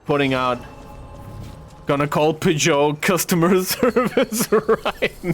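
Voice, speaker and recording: Slow-talking, profane male streamer. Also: on the high side, expressive, a little hiss or hum. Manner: rambling, profane storytelling. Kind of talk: casual chat while gaming.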